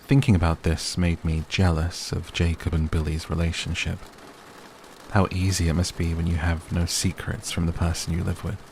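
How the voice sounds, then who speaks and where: Deep gravelly man reading a sleep story. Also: little pitch movement, moderate pace, darkish tone, slight background noise. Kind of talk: soothing bedtime story narration. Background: rain sounds.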